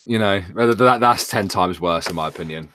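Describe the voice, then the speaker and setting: Low-voiced man co-hosting a chat. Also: moderate pace, a bit bright, slight background noise. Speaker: co-host. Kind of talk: casual chat.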